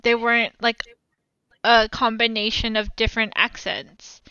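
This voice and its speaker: A woman's voice: on the high side, little pitch movement, measured pace, bright, forceful tone, clean tone, no room sound. A woman co-hosting a casual movie chat, talking in a chatty, hesitant way full of fillers and restarts, on a dull lo-fi recording. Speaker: podcast co-host.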